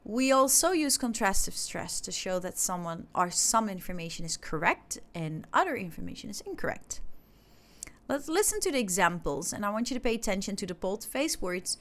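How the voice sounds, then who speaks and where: Woman from indonesia teaching english online, explains things step by step, mid pitch. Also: expressive, normal speed, a bit bright. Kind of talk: recorded online lesson.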